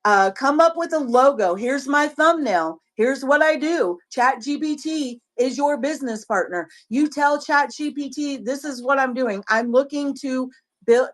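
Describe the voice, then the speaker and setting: A woman's voice: sits high, moderate pace. A woman with a Southern US accent on a casual livestream, coaching other sellers in a rambling way, often repeating herself and restarting.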